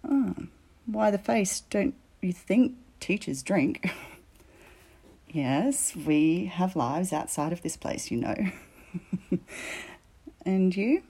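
A woman voicing a teasing, commanding female teacher in an audio role-play, often dropping into soft whispers. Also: fairly low pitch, expressive, slow, slightly rough, exaggerated voice.

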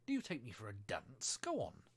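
A man voicing a blustering, threatening king in a storybook reading, raised in pitch and volume. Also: big pitch swings, normal speed. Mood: imperious. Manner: loud and imperious.

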